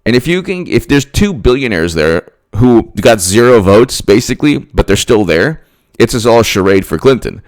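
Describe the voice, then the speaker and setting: A man with a low voice delivers a political rant. His pitch swings widely as he hammers points with repeated rhetorical questions. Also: big pitch swings, normal speed. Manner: emphatic, repetitive, rhetorical questions. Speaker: political commentator. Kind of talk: ranting political commentary.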